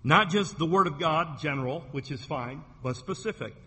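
A man preaching a sermon as pastor, emphatic and slowing down to stress key phrases, losing his voice and coughing at times. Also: on the high side, pushed and bright, slightly rough, in a large hall. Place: church sanctuary.

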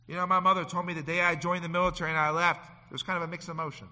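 Man preaching a bright, dramatic sermon in a reverberant hall. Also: on the high side, flat delivery, rapid-fire, few pauses. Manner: dramatic swings from loud to hushed, acting out quotes. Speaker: pastor. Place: church sanctuary.

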